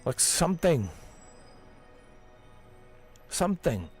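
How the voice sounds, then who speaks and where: A man's voice: fairly high pitch, very animated, slow, a little mellow, slightly rough, soft background music. A man ranting on a game livestream, heated and profane, dropping "man" and "dude" as he hammers his points home. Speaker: livestream gamer. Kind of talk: casual ranting livestream chat.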